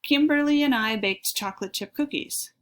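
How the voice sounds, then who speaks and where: A woman's voice: sits high, moderate pace, voice pushed up, natural voice. A woman reading as a bossy, tattling sister. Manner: bossy, teasing.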